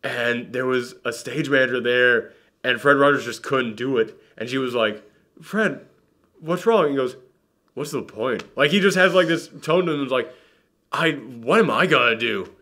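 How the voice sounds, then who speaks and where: A young man reviewing a movie in a casual chat, talking in an animated way and using lots of fillers. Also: mid-range voice, normal speed. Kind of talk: casual conversation.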